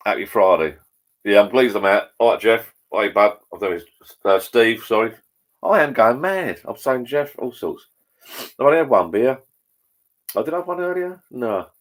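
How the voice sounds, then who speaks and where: A man hosting a relaxed livestream, chatting to viewers in a rambling, matey way over drinks at home. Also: lowish voice. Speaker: livestream host. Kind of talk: casual chat with viewers while drinking. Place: at home, indoors.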